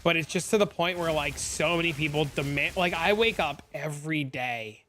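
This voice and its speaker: A man's voice: on the high side, normal speed, pushed and bright, slight background noise. A young man streaming a game, rambling in casual chat and venting with lots of "like" fillers. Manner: rambling, heavy use of "like", exasperated venting.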